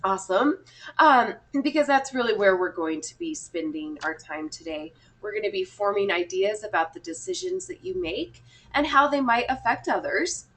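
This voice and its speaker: A woman's voice: mid-range voice, sing-song, normal speed, a bit bright, a little hiss or hum. A young woman teaching a small class, encouraging and chatty with frequent ums. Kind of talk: classroom lesson.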